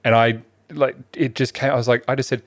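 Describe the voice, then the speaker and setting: A man co-hosting a podcast, chatting casually and easily, quick to laugh and often giving short replies. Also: mid-range voice, steady tone, no room sound. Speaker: podcast co-host. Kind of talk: casual chat.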